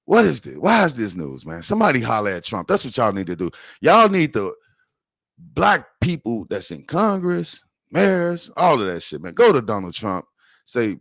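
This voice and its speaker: A man's voice: mid-range voice, very animated, moderate pace, vocal fry, a bit bright, dry recording, studio quality. A man with a Chicago accent hosting a podcast, giving loose, profane, rambling news commentary. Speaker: podcast host.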